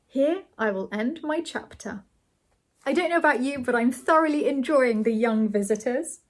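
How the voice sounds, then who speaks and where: A woman hosting her channel and reading a novel aloud, signing off in a gentle, friendly way. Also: high voice, expressive, normal speed. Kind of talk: storybook reading.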